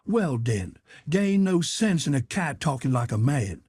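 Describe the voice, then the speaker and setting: Guy reading as a stubborn folksy man, husky, arguing in thick dialect. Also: on the high side, very animated, unhurried, darkish tone, no echo, clean studio sound, exaggerated voice. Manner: dialect-heavy, insistent arguing.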